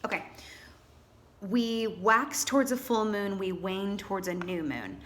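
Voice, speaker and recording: A woman's voice: mid-range voice, measured pace. Chatty, theatrical woman reading tarot. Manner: chatty and animated, calls viewers honey and darlings; theatrical, trained stage performer. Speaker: tarot reader. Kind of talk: casual tarot reading to camera.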